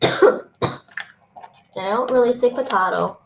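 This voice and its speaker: Her voice is fairly high and animated, a little slow, and captured from a distance. She's a young woman cooking in her home kitchen on a live stream, laughing often and thinking aloud while chatting with chat readers. The stream mic sounds dull and roomy, with fan noise.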